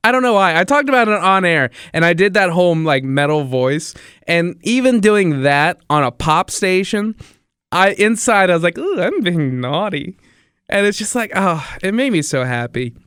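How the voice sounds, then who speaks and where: A man's voice: high voice, very animated, moderate pace, a bit bright, clean tone, no echo, clean studio sound. A young man hosting his own podcast, talking enthusiastically in a rambling, repetitive way. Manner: enthusiastic, rambling, repeats himself. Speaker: podcast host and radio DJ. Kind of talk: casual solo podcast monologue.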